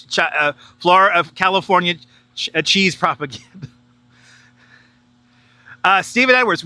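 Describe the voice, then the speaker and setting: A sharp-toned man with a voice on the high side is heard with no echo. This chatty New Yorker guides a casual live-streamed walking tour outdoors in a large city park, using a wireless clip-on mic, reading viewer chat aloud, and laughing easily.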